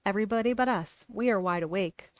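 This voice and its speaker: Blunt inquisitive young girl, stubborn, direct questions, a woman voicing her, middle pitch, dry. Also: fast talker, no echo, natural voice. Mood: curious.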